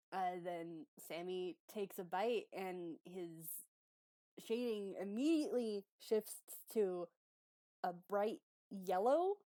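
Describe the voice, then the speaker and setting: A woman's voice: lowish voice, a little mellow, no room sound. A woman playing in a casual tabletop role-play, easygoing and laughing often. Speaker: player.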